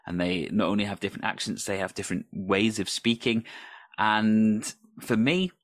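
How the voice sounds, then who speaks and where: A man who performs improv, speaking with earnest, emphatic enthusiasm. His voice sits on the lower side, and the recording is dry and close. He talks in a conversational podcast style. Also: moderate pace, no room sound. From United Kingdom. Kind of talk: conversational discussion.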